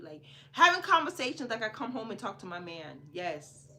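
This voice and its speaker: Bright-voiced Jamaican woman telling a story. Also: medium pitch, moderate pace, hardly any pauses. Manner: animated, repeats phrases for emphasis, swings between hushed and loud. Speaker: podcast host. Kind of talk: casual storytelling.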